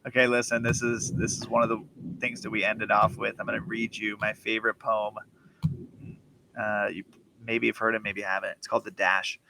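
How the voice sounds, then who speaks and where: A man's voice: fairly low pitch, little pitch movement, brisk, gravelly, sharp tone, rough recording. A young man hosting a podcast, laid-back and slangy, calling his guest dude and bro. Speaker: podcast host. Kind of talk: casual podcast chat.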